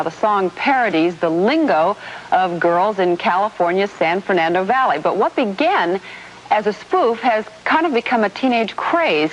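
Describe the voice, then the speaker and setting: A woman hosting a morning TV show, introducing guests and asking probing questions. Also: medium pitch. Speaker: TV news anchor. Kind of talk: morning TV interview. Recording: dull broadcast audio, faint hiss.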